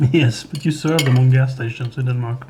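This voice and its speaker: Slow-talking man cooking on stream. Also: medium pitch, background noise. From Sweden. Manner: slow, thoughtful, chuckling often. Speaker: livestream host. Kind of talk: casual chat while cooking. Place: home kitchen. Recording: kitchen clatter behind the voice.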